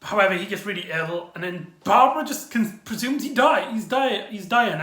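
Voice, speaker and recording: A man giving a casual, rambling recap review of a TV episode, excitable and full of exclamations. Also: sits high, normal speed. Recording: echoey room.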